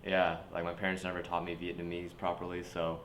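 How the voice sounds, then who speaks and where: A man's voice: low-pitched, monotone, fairly quick, a bit bright, roomy sound, slight background noise. A man from California, a comedian guest telling stories in a casual podcast chat, swearing freely and acting out what people said. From United States, California. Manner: laid-back storyteller, swears freely, acts out quotes.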